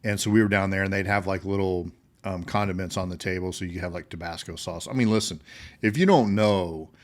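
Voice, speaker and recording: A middle-aged American man with a fairly low voice tells old army stories in a loose, casual way. He chuckles through his sentences and leans on plenty of "um" and "you know" as he goes. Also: fairly quick. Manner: laughs while telling stories, many fillers. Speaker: podcast host, army veteran. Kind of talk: casual storytelling.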